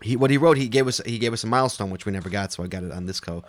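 A man's voice: lowish voice, very fast, no room sound. A man co-hosting a casual podcast, reading listener emails aloud and laughing often. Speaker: podcast co-host.

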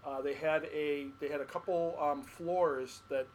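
A man's voice: on the high side, steady tone, unhurried, darkish tone, a little hiss or hum, low-quality recording. A man co-hosting a podcast, chatting casually and telling rambling stories full of restarts. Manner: rambling storyteller, repeats and restarts. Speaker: podcast co-host. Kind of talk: casual chat.

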